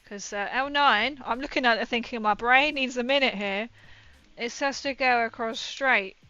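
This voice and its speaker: Woman streamer, bright and rambling, casual chat over dull lo-fi audio. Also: on the high side, normal speed. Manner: chatty, rambling, laughs often. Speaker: livestreamer building a model kit. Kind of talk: casual chat while building.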